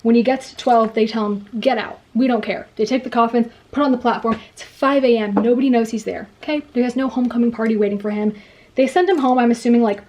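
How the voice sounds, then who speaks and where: Excitable young woman gushing about a book. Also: fairly high pitch. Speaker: book vlogger. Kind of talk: get-ready-with-me book chat. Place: home, doing makeup.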